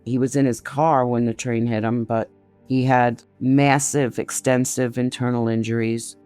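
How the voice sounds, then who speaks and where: Grieving woman in her sixties, smooth voice. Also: a bass voice, flat delivery, a little mellow, soft background music. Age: 60s. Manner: slow, grief-laden retelling, quoting others' words. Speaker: interviewee. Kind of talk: personal testimony.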